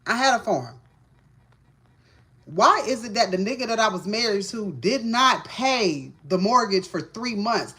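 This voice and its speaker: A woman speaks in a middle-pitched voice. She hosts a casual livestream and tells her viewers a heated, profane story with emphatic delivery. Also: lively intonation, normal speed, a bit bright. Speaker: livestream host, tarot reader.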